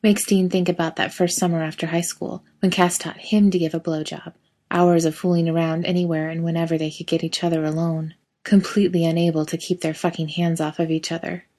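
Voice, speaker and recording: Husky woman reading a story aloud. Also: lowish voice, flat delivery, fairly quick, dark tone. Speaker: narrator. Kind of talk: reading fan fiction aloud.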